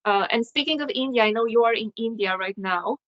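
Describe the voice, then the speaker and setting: A woman hosting a casual video call interview, listening attentively with soft agreeing sounds and adding her own experiences. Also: fairly high pitch, brisk, lo-fi sound. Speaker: host.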